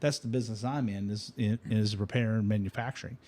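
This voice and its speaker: Halting, explanatory host. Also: male voice, on the low side, steady tone, darkish tone. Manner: halting, many restarts, explanatory. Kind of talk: casual studio talk.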